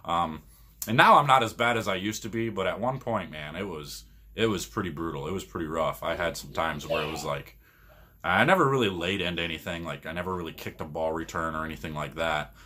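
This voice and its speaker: Husky man telling stories with a laugh. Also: low-pitched, a little fast. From Michigan, US. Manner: rambling, laughs often, animated when retelling arguments. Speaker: podcast co-host and pro bowler. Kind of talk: casual storytelling.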